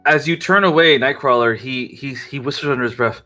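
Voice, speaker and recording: A man narrating as game master of an online tabletop game, with a lively manner. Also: mid-range voice, a little fast, few pauses, faint music behind. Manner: lively, laughs off his own slips. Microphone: online voice call.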